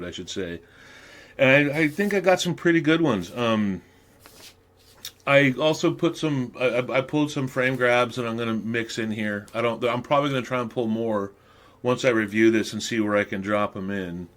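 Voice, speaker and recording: A man in his fifties, originally from California, tells long and loose stories on his own podcast. His voice sits a little low, and he swears freely, laughs between phrases and wanders off on tangents. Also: fairly bright tone. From Venice, California. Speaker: podcast host. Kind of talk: casual storytelling.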